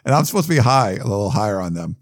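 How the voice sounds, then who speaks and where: A man co-hosting a sports podcast in casual chat, reading listener questions out loud with loose asides. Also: lowish voice, very animated, rapid-fire, dry recording, clean studio sound. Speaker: podcast co-host.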